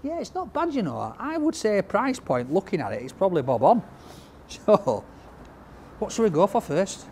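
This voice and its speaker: Guy bantering thru a takeaway review, kinda high voice, sat out in a chilly makeshift greenhouse. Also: huge pitch swings, normal speed, a little mellow, a little hiss or hum. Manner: chatty, jokey banter. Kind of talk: casual food review. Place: outdoor makeshift greenhouse, cold.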